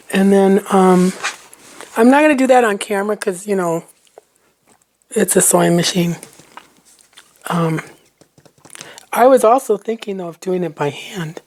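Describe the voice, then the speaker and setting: Slow, mellow-voiced woman crafting and muttering. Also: mid-range voice. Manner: muttering to herself, often half-whispered. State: chewing while talking. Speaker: crafting vlogger. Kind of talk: casual crafting chat.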